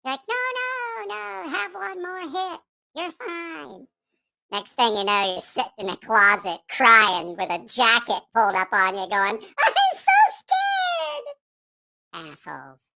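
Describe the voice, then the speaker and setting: A man's voice: extremely high pitch, lively intonation, measured pace, gravelly, sharp tone, voice pushed up, full character voice. A man voicing a grumpy, foul-mouthed childlike puppet character while chatting on a livestream, grumbling and swearing. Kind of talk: livestream chat in a put-on voice.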